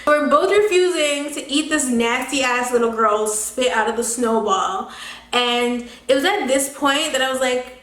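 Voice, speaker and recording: A young woman with a fairly high voice tells a casual storytime vlog. She talks in an animated, slangy way, swears freely and laughs often. Her voice bounces around an echoey room. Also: a little slow. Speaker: beauty vlogger.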